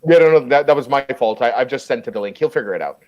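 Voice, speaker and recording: A man's voice: medium pitch, animated, racing, lo-fi sound, noisy background. A man hosting a comedy video chat, presenting segments in an upbeat way. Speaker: show host. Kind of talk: casual chat. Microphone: video call.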